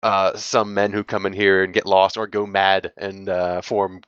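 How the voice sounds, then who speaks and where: A man's voice: sits low, level tone, a little slow, a bit bright, smooth, muffled recording. A man narrating as game master of a tabletop game, rambling and hesitant with many fillers.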